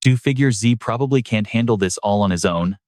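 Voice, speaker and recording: A man's voice: fairly low pitch, brisk, a little mellow, dry recording, clean studio sound. A man narrating a story recap in a dramatic, scripted storytelling manner. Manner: dramatic storytelling with brief voiced quotes.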